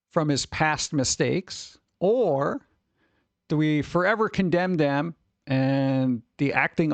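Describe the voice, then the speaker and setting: Wry, chatty man with a higher voice. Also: no echo. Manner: chatty, wry, full of asides and muttered reactions. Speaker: streamer host. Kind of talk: casual rambling commentary.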